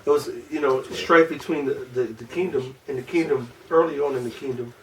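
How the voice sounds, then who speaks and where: A man's voice: mid-range voice, a little fast. A man teaching an informal class, talking in a loose, rambling way with many restarts, picked up by a camera across the room. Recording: distant from the mic, faint room noise.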